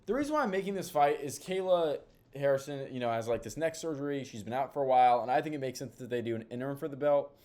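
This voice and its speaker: A man's voice: mid-range voice, animated, fast talker, mellow. A man giving casual commentary on fight matchmaking, rambling with lots of fillers and restarts. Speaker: MMA commentator.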